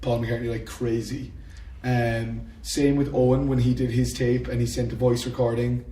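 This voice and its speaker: A man's voice: mid-range voice, flat delivery, moderate pace, mellow, distant mic. An Irish man with a sore throat, chatting casually on a podcast with dry humour and lots of fillers. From Ireland. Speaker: podcast host, filmmaker. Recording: roomy echo, off-mic, faint ambience.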